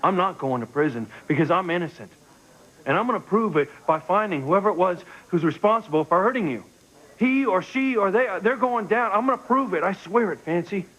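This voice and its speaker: An actor playing an earnest young man who reassures a friend and vows to clear his name. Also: sits high, animated, a little fast, a bit bright, poor audio.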